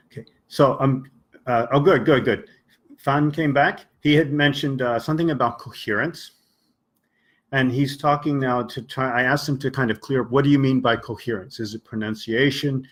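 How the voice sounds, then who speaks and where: A man's voice: mid-range voice, normal speed. A man teaching English on a live stream, explaining patiently and acting out short example dialogues for his listeners.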